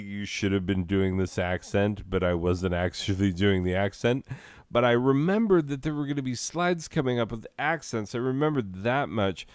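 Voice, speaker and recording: A man's voice: on the low side, clean tone, no room sound, clean studio sound. A man hosting a small comedy channel, chatting to himself in a self-mocking, rambling way.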